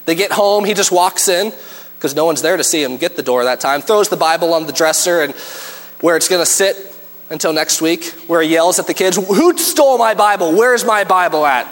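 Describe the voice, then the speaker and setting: High-voiced male preacher in echoing hall. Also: brisk. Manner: animated storytelling, acts out scenes. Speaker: pastor. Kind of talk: sermon. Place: church.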